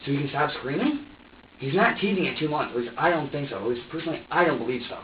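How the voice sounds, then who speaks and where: A man's voice: a little high, lively intonation, quick pace, a little hiss or hum. A man in a police interrogation, talking in an agitated, profane rant. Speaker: suspect. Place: interrogation room. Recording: dull echoey room audio from a distant mic.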